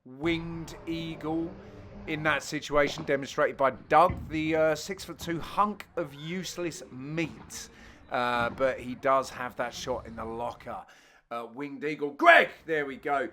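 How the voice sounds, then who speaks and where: A middle-aged man giving a cheeky, joking voice-over on his own amateur padel match, with sudden loud exclamations. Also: on the high side, a little slow, slight background noise. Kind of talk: jokey voice-over commentary on match highlights.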